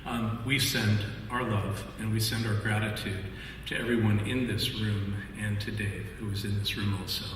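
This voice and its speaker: A man's voice: fairly low pitch, normal speed, hardly any pauses. Man telling a story in an echoey hall. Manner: animated storytelling, laughing often. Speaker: music industry artist relations rep. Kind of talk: memorial tribute speech. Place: memorial gathering in a large hall. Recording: echoey hall from far off, noisy.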